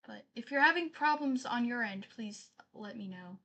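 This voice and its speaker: A woman streamer talking to her live chat in a loose, casual way. Her voice sits a bit high for a woman, and she keeps apologizing and reading viewers' messages out loud. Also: animated, moderate pace, dull audio. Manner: chatty, apologetic, reads chat aloud.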